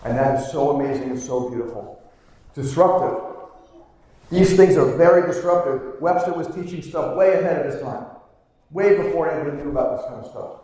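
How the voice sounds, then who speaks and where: A man who is a chiropractor giving a live conference talk, teaching briskly, quizzing the audience and repeating key terms. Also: fairly high pitch, warm tone. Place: large hall before a live audience. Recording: echoey hall, mic from far off.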